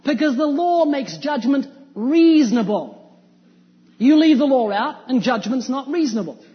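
A man with a notably high voice preaches an evangelistic sermon, pressing his points with emphatic rhetorical questions. The sound is dull and lo-fi, with a long hall reverb trailing each phrase. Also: animated, normal speed.

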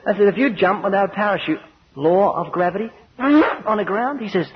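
A man's voice: high-pitched, sing-song, normal speed, long pauses. A man preaching an evangelistic sermon, earnest and emphatic, acting out little scenes with quoted voices. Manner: earnest, emphatic, acts out anecdotes. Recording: dull lo-fi recording with faint noise.

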